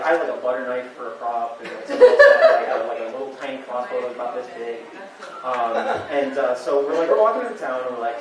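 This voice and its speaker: A man telling a live-action roleplay story on a convention panel, rambling and animated, with lots of "like" and little acted quotes. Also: mid-range voice. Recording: echoey hall, far from the mic, audience. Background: audience laughter.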